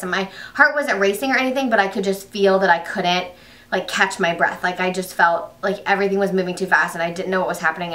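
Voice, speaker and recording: A pregnant woman vlogging in a casual storytelling way, talking fast and rambling, full of fillers and restarts. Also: mid-range voice, sharp tone, roomy sound, distant mic.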